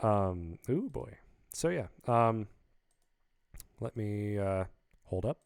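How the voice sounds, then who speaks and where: A man's voice: on the low side, lively intonation, slow, gravelly, darkish tone, smooth, no room sound. A man casually explaining how he produced his song, rambling upbeat with many fillers, talking into a studio vocal mic. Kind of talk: casual video breakdown.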